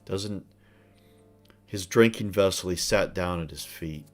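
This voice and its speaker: Male game master, unhurried and descriptive, deep voice. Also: faint music behind. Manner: unhurried, descriptive, with some hesitations. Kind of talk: narrating a tabletop game.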